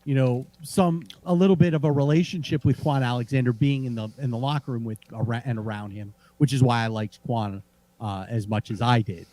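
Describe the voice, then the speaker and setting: A man's voice: medium pitch, a little fast, no echo. A man co-hosting a casual sports podcast, telling rambling stories with lots of restarts. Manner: animated, rambling with restarts and laughs. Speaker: podcast co-host.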